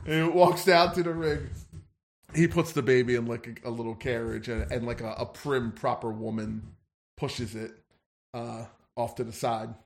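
A man's voice: medium pitch, steady tone, normal speed. A man running a tabletop wrestling game as game master, giggly and rambling.

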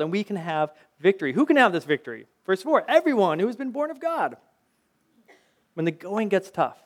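A middle-aged man preaching a sermon in a conversational way, mixing scripture with personal anecdotes and rhetorical questions. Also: high voice. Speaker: pastor.

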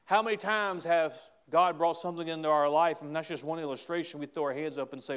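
A middle-aged pastor with a Southern US accent delivers a sermon, his voice sitting a little high for a man. He drops to hushed, quiet lines, then builds to loud, emphatic exclamations. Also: fairly quick, few pauses. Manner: dynamic preaching, swings from hushed to loud exclamations.

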